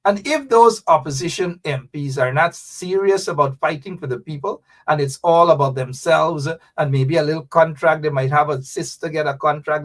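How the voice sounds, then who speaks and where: A man's voice: fairly high pitch, a bit bright, recorded from a distance. A man hosting fiery, mocking political commentary, talking straight to his audience. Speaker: host.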